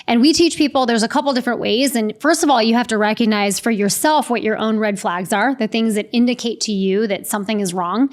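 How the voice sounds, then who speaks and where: A middle-aged woman explains leadership habits in a clear, structured, conversational podcast style. Her voice sits a little high for a woman. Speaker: podcast co-host, leadership coach.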